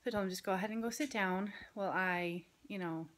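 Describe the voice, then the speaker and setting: A woman's voice: mid-range voice, fast. A woman vlogging as a mother, telling a story in casual chat full of fillers, partly out in the yard. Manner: chatty storytelling with many fillers. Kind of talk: casual family vlog chat. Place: home, partly outdoors in a yard.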